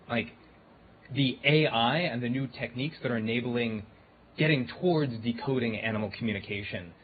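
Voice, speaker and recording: A man's voice: mid-range voice, husky. A man speaking casually to a live audience, loose and chatty with many fillers. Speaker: guest speaker on AI and animal communication. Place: event hall before an audience. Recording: tinny phone-like recording with faint noise.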